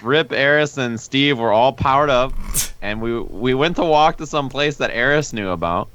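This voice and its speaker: A young man hosting a podcast, telling a long story in casual chat, animated, swearing freely, and acting out his friends' lines. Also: medium pitch, normal speed, muffled recording, a little hiss or hum. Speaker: podcast host.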